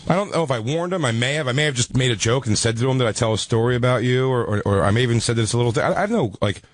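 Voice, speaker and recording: A man, a comedian, telling a story in a rambling, animated way with many restarts. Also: medium pitch, racing, no room sound. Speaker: comedian guest.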